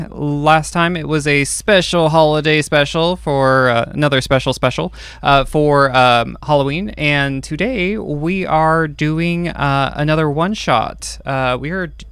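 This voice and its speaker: Male game master, slow, hesitant delivery, smooth voice, dry recording. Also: on the high side, fairly bright tone, dry recording. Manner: hesitant, many ums and uhs. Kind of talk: casual podcast chat.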